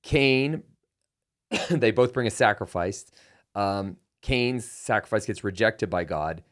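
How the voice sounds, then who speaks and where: A man's voice: lowish voice, takes it slowly. A middle-aged man hosting a podcast, telling a personal story and acting out quoted dialogue. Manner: animated, acts out quoted dialogue. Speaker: podcast host. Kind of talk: conversational storytelling.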